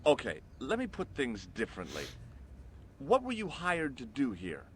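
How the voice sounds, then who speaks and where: A curious, wisecracking amateur sleuth in an adventure game, firing off wry questions. His pitch swings widely and animatedly, with a faint hiss in the background. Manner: lively, quick and wry. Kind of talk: video game voice acting.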